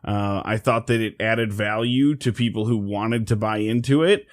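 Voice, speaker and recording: A man's voice: fairly low pitch, moderate pace, dry recording. Earnest man on a dry podcast mic. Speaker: podcast co-host. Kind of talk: casual gaming podcast chat.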